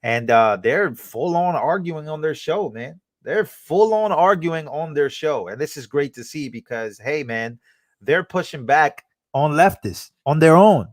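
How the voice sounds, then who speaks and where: A man streamer giving casual reaction commentary, excitable and full of fillers and repeats. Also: on the high side, measured pace, no room sound.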